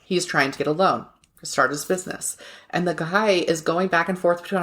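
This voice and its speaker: A woman's voice: low voice, steady tone, moderate pace, fairly bright tone. A woman co-hosting a podcast, chatting casually and retelling a show, laughing often. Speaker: podcast co-host. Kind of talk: casual chat.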